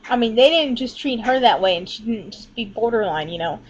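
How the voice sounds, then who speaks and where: A woman's voice: on the high side, lively intonation, brisk, husky. A woman talking casually into her laptop at home, rambling candidly and swearing often. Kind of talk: casual webcam vlog. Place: indoors at home, leaning back from laptop. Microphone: laptop built-in mic. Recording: dull lo-fi laptop audio.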